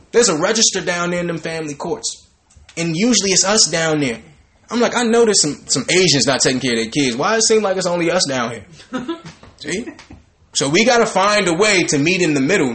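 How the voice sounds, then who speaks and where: A man leads a Bible study, talking through scripture in a loose, conversational preaching style. He is animated and informal, and his voice sits a little on the higher side. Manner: animated, conversational, breaks into laughter and mock voices.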